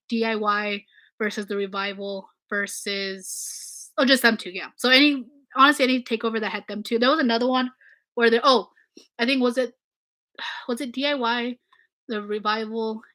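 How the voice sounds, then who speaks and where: A young adult woman chatting casually as she answers fan questions in a vlog, animated and full of fillers. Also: on the high side. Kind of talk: casual Q&A chat.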